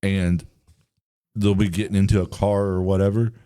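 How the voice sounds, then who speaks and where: A man's voice: sits low, level tone, moderate pace, mellow. A man co-hosting a podcast in casual discussion, careful to hedge his claims and arguing from a Christian view. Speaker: podcast co-host.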